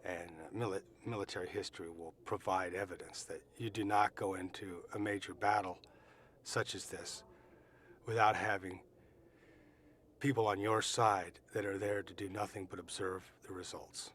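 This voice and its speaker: A middle-aged man giving eyewitness testimony, telling his story earnestly and emphatically, with pauses and restarts. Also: deep voice, steady tone, fairly bright tone. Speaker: eyewitness recounting events.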